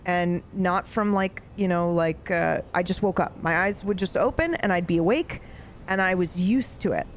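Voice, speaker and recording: A woman in her thirties telling a story from her own life in a casual, animated way, swearing freely. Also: on the low side, normal speed, slight background noise. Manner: animated, swears freely, grows more excited. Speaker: streamer.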